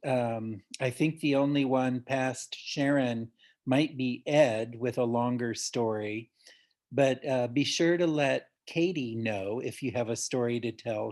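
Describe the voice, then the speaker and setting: A man's voice: medium pitch, darkish tone. A man hosting an online story swap, praising the last teller and introducing the next. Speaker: host.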